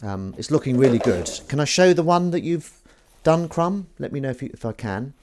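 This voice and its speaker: A man's voice: mid-range voice, lively intonation, brisk, background noise. A young man hosting a live stream, chatting casually and reading out viewers' messages. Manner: chatty, self-mocking, reads chat aloud. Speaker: livestream host. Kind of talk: casual chat while washing up.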